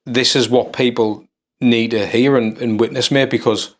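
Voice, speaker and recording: A man's voice: mid-range voice, fairly even intonation, normal speed. A man hosting a podcast interview. He is supportive, often saying "mate.". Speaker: podcast host. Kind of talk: casual interview.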